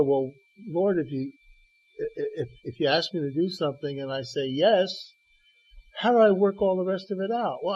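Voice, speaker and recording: A man's voice: fairly high pitch, slightly rough. A man preaching on a radio program, telling Bible stories with quoted dialogue and stammered restarts. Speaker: guest preacher. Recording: dull lo-fi radio broadcast.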